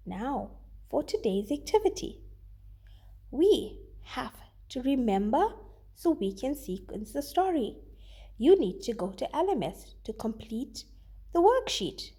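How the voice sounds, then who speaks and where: A woman teacher reading a children's story aloud with expressive delivery, then giving her students a worksheet task. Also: high voice.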